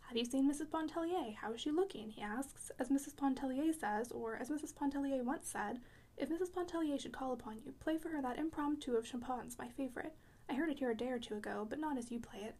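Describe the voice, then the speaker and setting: A sharp-tongued elderly French woman who plays the piano, read aloud by a woman. Her voice sits high and the lines come quickly, brusque and teasing, with French words slipped in. She speaks as the storybook's odd, blunt old artist.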